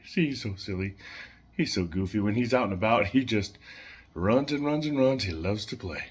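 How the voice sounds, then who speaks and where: A man casually showing his pet birds at home, chatting in a rambling way with fillers and soft laughs. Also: lowish voice, lively intonation, normal speed.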